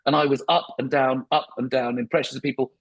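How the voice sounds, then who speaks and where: A man's voice: medium pitch, little pitch movement, fast talker. A man, a stand-up comedian, talking reflectively in a podcast interview with frequent restarts.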